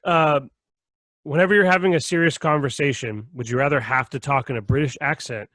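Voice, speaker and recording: A man's voice: mid-range voice, a little fast, no echo. A man hosting a casual podcast chat, laughing often as he reads out would-you-rather questions. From Irish family background. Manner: laughs often, relaxed and joking. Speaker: podcast host.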